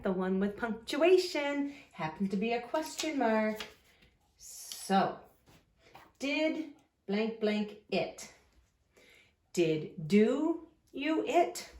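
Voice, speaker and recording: Slow, patient woman teaching little kids. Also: medium pitch, a little mellow, echoey room. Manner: slow, patient and sing-song, stretching words out. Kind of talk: recorded phonics lesson for young children.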